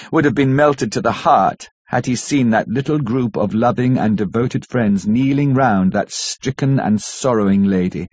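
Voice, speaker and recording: A man narrating a classic novel as an audiobook, measured and dramatic. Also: mid-range voice, darkish tone, slightly rough, no echo. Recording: dull lo-fi audiobook recording.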